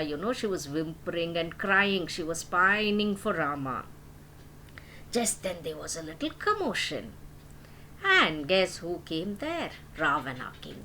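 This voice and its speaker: A woman's voice: on the low side, a little hiss or hum, rough recording. Older woman telling a children's story. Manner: animated, asks the listener questions.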